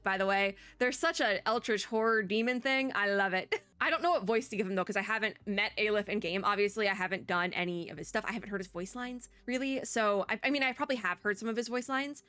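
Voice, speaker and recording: A woman's voice: medium pitch, fast talker, hardly any pauses, bright, forceful tone. A tired woman gaming creator giving casual, rambling, self-deprecating reaction commentary at a desk mic at home.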